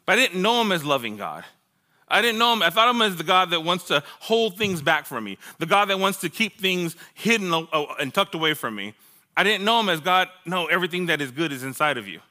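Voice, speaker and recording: A male pastor with a very bright, ringing voice pitched a little high. He preaches by telling his own story, playing out his past words and laughing at himself along the way. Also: big pitch swings, fairly quick. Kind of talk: sermon with personal testimony.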